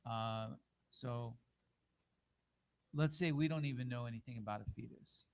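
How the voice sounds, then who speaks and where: A man leads an informal class in a middle-pitched voice. He coaches with patience and encouragement. His talk is unhurried and plain. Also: creaky, poor audio. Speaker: teacher.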